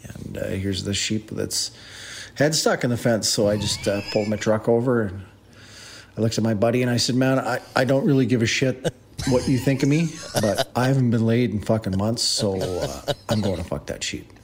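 A man sending a casual voice message, telling a story in a laid-back, halting way with lots of fillers. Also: fairly low pitch, slight background noise. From Canada.

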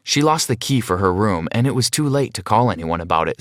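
A man with a fairly low voice tells a scripted first-person story in a plain, steady manner. The recording is dry and close, with no room sound. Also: brisk, no room sound.

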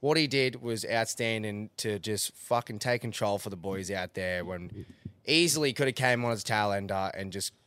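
A man's voice: fairly low pitch, normal speed, fairly bright tone, clean tone, no room sound. A man co-hosting a podcast, making his case in casual, emphatic, sweary banter. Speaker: podcast co-host.

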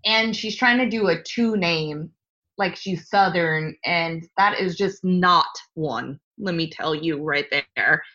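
A woman's voice: fairly low pitch, slow, bright, forceful tone. Blunt sarcastic woman, dull audio. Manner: blunt, sarcastic, swears freely. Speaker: podcast co-host. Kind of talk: casual chat.

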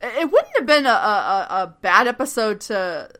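A woman's voice: medium pitch, sing-song, normal speed, bright, forceful tone. A woman co-hosting a podcast in casual chat, rambling, swearing and laughing often. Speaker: podcast co-host.

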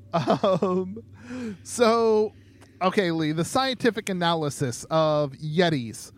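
A man's voice: high voice, animated, slow pace. A young man co-hosting a podcast in a casual chat, rambling along with lots of ums and easygoing jokes. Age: young adult. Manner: rambling, many ums, laid-back joking. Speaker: podcast co-host.

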